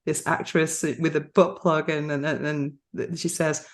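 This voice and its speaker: A woman's voice: sits low, flat delivery, a little slow. A woman hosting a podcast, chatting casually, laughing often and restarting her sentences. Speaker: podcast host. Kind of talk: casual interview chat.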